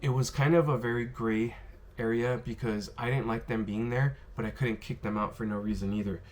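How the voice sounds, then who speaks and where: A man casually telling stories to the camera about his bartending days, rambling and filling pauses with "um" and "you know". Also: medium pitch, fairly even intonation, a little mellow. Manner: rambling, filler-heavy, lots of "you know" and "um". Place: worked in Las Vegas.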